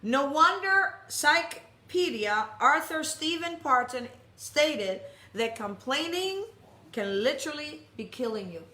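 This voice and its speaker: Female preacher with a high voice, animated and humorous storyteller, echoey worship hall. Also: slow pace. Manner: animated, jokey storyteller with many restarts. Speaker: speaker at a congregation. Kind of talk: storytelling sermon.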